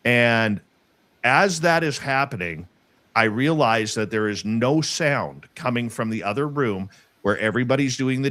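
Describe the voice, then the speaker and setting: A man earnestly telling a personal story in casual conversation, halting and restarting as he goes. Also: on the low side, fairly bright tone, no room sound.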